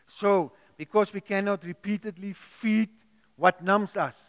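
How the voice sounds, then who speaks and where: A man's voice: sits high, fairly even intonation, measured pace, dull audio. A man preaching a sermon, earnest and pleading, often repeating and restarting his words. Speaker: pastor. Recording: echoey hall with long reverb.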